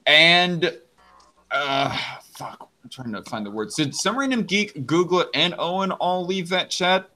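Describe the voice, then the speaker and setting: A man in a casual group voice chat, halting and searching for words as he talks. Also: fairly high pitch, animated, sharp tone.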